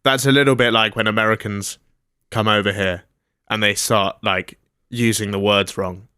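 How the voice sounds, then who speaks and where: A man's voice: fairly low pitch, fairly even intonation, normal speed, sharp tone, clean tone, no echo, studio quality. A man co-hosting a comedy podcast, telling stories in a jokey way and acting out the people in them. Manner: jokey storytelling, acts out quoted voices. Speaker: podcast co-host. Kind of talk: comedic casual chat.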